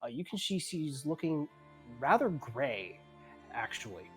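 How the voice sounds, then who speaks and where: A man's voice: a little high, very animated, unhurried, faint music behind. A man narrating as game master of a tabletop game, rambling, laughing often and searching for words.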